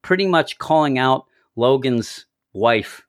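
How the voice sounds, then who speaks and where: A man's voice: medium pitch, animated, slow. Rambling, chuckling middle-aged man. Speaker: podcast co-host. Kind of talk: casual chat.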